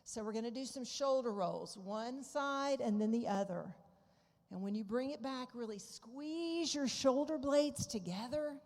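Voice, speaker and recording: A woman's voice: on the high side, darkish tone. Upbeat woman leading exercises in a hall. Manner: upbeat, encouraging step-by-step instructions. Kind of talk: leading a seated exercise class. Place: large hall at a medical symposium. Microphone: handheld microphone. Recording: reverberant hall, faint room noise.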